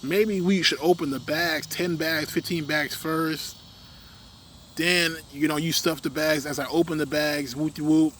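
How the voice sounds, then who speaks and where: A young man in a casual, rambling rant, full of fillers, often trailing off quietly at the ends of his thoughts. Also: a little high, steady tone, unhurried, slight background noise.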